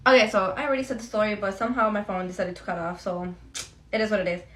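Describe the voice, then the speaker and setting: A woman's voice: mid-range voice, steady tone, fast, a bit bright. A young woman chatting casually while getting ready, telling a storytime to her viewers in a slangy, friendly way. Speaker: beauty vlogger. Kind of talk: get-ready-with-me storytime chat.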